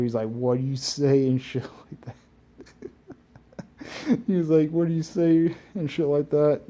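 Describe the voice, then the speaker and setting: Man, casual episode recap, low mellow voice, rambling, heavy swearing, throat clearing. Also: highs cut off. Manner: loose and meandering, restarts often. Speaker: anime reviewer.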